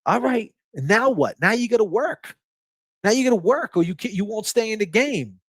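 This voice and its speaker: A man's voice: sits high, lively intonation, normal speed, husky, no room sound. A man hosting a livestream in casual talk. He is emphatic and profane, preaching and repeating his phrases for force. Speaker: livestream host.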